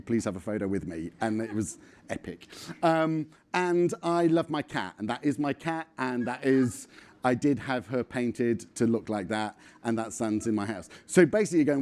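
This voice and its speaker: A man's voice: mid-range voice, expressive, normal speed, a little mellow. Blunt, swearing man in his forties. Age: 40s. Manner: blunt, swearing, rambling with frequent ums. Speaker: conference speaker. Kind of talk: casual, self-deprecating talk.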